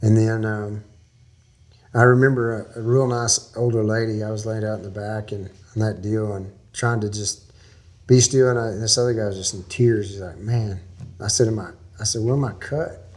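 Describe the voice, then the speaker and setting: A man's voice: on the low side, fairly even intonation, normal speed, darkish tone. A man from Texas, a guest in an interview, telling a long story in a folksy, rambling way with small laughs.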